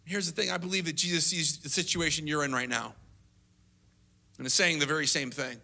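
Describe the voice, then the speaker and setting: A lead pastor preaching a sermon in a conversational way, acting out quotes in a higher voice and dropping to a soft hush at tender moments. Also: male voice, lively intonation, moderate pace, vocal fry. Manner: conversational, acts out quotes with rising pitch.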